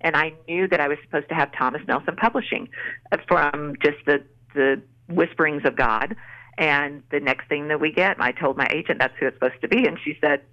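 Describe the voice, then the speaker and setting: A woman's voice: low-pitched, a little fast, sharp tone. Casting: earnest woman guest, storytelling testimony, muffled lo-fi remote audio. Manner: earnest storyteller, acts out quotes. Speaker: author guest. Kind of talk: faith testimony in a podcast interview.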